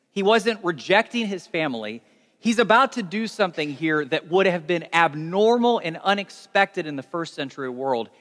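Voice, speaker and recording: A young adult man preaching a sermon as pastor, telling stories in a conversational, animated way. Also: high voice. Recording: long reverb of a large hall.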